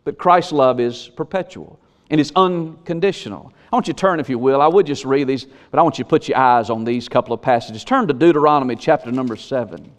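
A male pastor preaching a sermon, reading scripture slowly and building to emphatic, rising questions. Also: mid-range voice.

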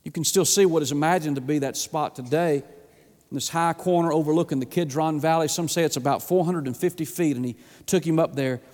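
A man's voice: on the high side, a little fast, darkish tone. A man preaching a sermon in a folksy, emphatic way, often calling out "my friend". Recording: long hall reverb.

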